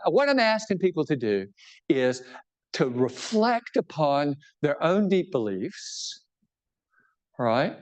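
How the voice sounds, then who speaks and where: Speaking slowly in a sing-song voice on the high side, a bishop presents his book to a live audience. The talk is informal and jokey, full of self-deprecating humor, and he keeps checking in with the people listening.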